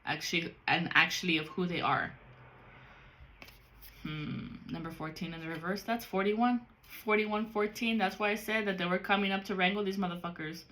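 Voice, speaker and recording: Brief: woman, tarot reader, crisp and forceful tone, cusses freely, talks right at the viewer. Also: mid-range voice, normal speed. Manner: blunt and profane. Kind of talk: casual spiritual card reading.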